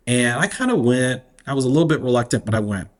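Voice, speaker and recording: A man, speaking as an interview guest in a reflective, unhurried way and laughing easily. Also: mid-range voice, sing-song. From Alabama, US. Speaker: guest, activist. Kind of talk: casual interview conversation.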